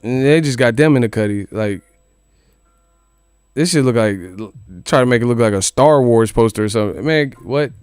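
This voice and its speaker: A man hosts a casual boxing commentary, riffing with joking disbelief and loose, profane talk. His voice sits at an ordinary middle pitch. It is recorded dry and close, with faint music underneath. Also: moderate pace, pauses often, a little mellow, clear, resonant tone, no echo. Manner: incredulous, joking, profane rant. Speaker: boxing channel host.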